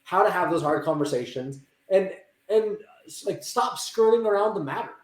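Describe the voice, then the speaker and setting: A man talking in a casual interview about working with teens. He acts out quoted dialogue in lively voices and often restarts his sentences. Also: sits high, normal speed. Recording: roomy echo.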